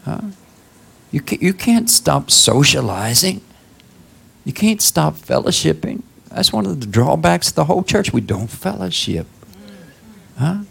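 A man preaching a sermon in a conversational style, prodding listeners with "huh?" and leaping up high for emphasis. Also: big pitch swings, a little slow, creaky, fairly bright tone, breathy edge. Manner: conversational preaching with call-outs like "Huh?" and sudden high exclamations. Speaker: pastor.

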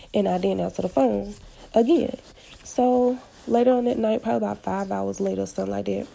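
A woman's voice: medium pitch, creaky, mellow. A woman casually retelling a personal story with blunt, slangy, profane candor. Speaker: podcast storyteller.

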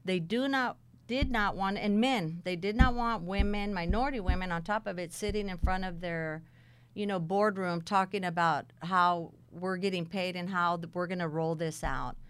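A middle-aged woman casually telling her career story, blunt and animated, acting out the dialogue. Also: on the low side, moderate pace, clean tone.

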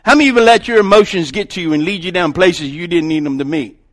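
A man, preaching a sermon as pastor, emphatic, swinging from loud calls to hushed storytelling. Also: sits high, fast.

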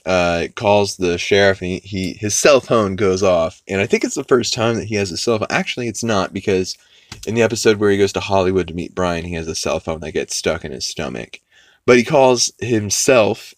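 Low-voiced man rambling through a recap. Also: dry recording, studio quality. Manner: rambling, quotes characters in quick put-on voices, swears freely. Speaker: podcast host recapping an episode. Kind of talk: casual recap chat.

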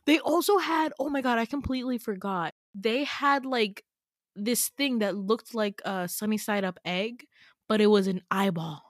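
A woman host casually retelling a dream, full of "like" fillers and casual swearing, with sudden high exclamations. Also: moderate pace, dry recording, clean studio sound. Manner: chatty, frequent "like" fillers, swears freely. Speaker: podcast host.

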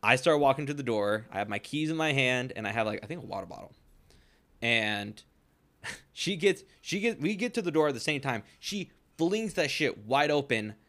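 Man, young adult, podcast co-host, casual chat, middle pitch, rambling storyteller, lots of "like", swears often. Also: lively intonation, normal speed, fairly bright tone. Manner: rambling anecdote, heavy use of "like", frequent swearing.

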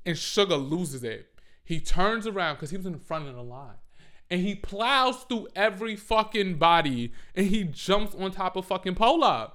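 A young man casually telling an animated, profanity-heavy story about his days as an after-school teacher, laughing often. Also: fairly high pitch, normal speed.

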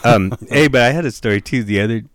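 A man's voice: medium pitch, fast, a bit bright, slight background noise. A man telling a story in casual chat, swearing constantly and laughing as he goes. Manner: profane, laughing anecdote teller.

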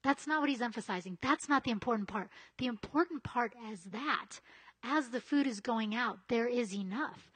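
Chatty high-voiced woman preaching. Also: moderate pace, fairly bright tone, slightly rough. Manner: conversational, chatty asides, often asks "right?". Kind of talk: casual sermon.

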